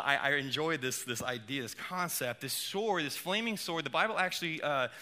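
A man preaching a sermon in a casual, animated way, with playful asides. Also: fairly high pitch. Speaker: pastor.

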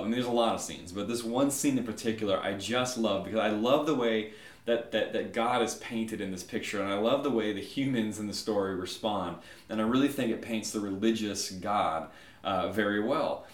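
A man preaching a sermon, animated and conversational, often checking in with a quick "right?". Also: on the low side, roomy sound. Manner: animated storytelling, frequent "right?" asides. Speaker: pastor.

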